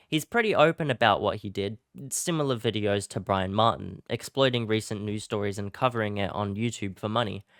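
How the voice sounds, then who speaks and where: A young man narrating a casual commentary video in a relaxed, self-deprecating way, with filler "uh"s here and there. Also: lowish voice, clean tone, no echo, studio quality. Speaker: YouTube commentary creator.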